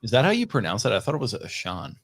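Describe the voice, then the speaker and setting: A man's voice: mid-range voice, very animated, racing, background noise. A man co-hosting a podcast, trading teasing jokes in casual chat. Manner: teasing, joking banter. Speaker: podcast co-host. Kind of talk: casual draft-night chat.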